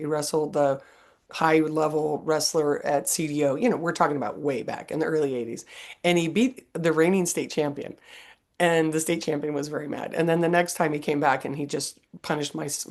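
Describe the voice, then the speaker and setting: A woman in her fifties hosting a podcast, chatting casually and telling animated stories with frequent laughter. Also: low voice. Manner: animated storyteller, laughs often. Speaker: podcast host. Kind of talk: casual interview chat.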